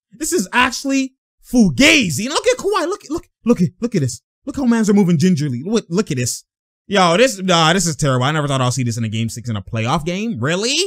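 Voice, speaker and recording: High, lively man breaking down game film. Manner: exasperated, slangy, frequent exclamations. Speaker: host. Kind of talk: sports film breakdown commentary.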